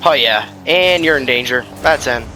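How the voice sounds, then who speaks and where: A man streaming ranked gameplay, commenting live and trash-talking with sudden shouts. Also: a little high, normal speed, noisy background.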